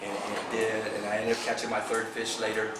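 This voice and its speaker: A man in a club meeting, telling an excited fishing story and acting out the sounds and the things people said. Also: lowish voice, a little fast. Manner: excited, vivid, acts out sounds and quotes. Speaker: bass fishing club member. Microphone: far camera. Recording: roomy, distant camera audio with background noise.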